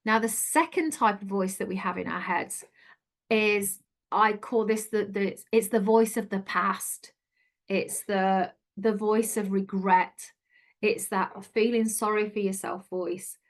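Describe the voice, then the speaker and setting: A woman's voice: medium pitch, slow. Chatty woman coaching. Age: middle-aged. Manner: chatty, earnest, encouraging. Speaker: life coach. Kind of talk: online coaching talk.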